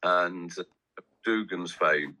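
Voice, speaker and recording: A man's voice: low-pitched, slow pace, bright, forceful tone, low-quality recording. A man, chatting in a rambling, anecdotal way as a guest. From English West Midlands. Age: 60s. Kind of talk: casual chat.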